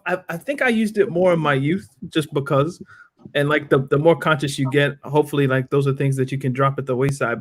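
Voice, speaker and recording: A man's voice: on the high side, fairly bright tone. A man co-hosting a casual discussion who asks probing questions and reflects openly, laughing lightly. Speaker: podcast co-host.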